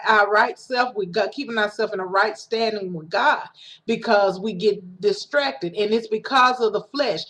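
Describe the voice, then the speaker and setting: A preacher with a fairly high, somewhat bright voice gives a laid-back sermon recorded at home by herself. She talks conversationally, restarting sentences and performing the lines she quotes.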